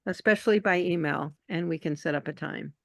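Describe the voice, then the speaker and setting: A woman from New York state joining a video call, chatty and animated, often trailing off into quieter asides. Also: lowish voice, a little fast, vocal fry, no room sound, clean studio sound. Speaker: call participant, activist. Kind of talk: casual video call conversation.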